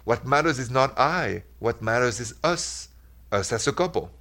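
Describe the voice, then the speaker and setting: A man's voice: medium pitch, animated, normal speed, sharp tone. A man hosting a radio advice show, talking in an earnest, reflective way with simple repeated phrases. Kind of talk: casual radio talk.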